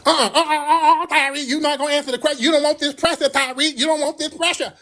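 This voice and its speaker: A man mimicking a sassy, whiny, indignant grown man in a high, whining voice. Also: steady tone, fast, pushed and bright. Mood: sassy mocking.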